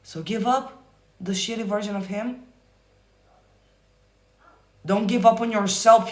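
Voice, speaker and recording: A man coaching manifestation on a live stream, answering viewer comments in a profane, emphatic, often yelling way. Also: high-pitched, steady tone, slow pace, pauses often. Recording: roomy echo.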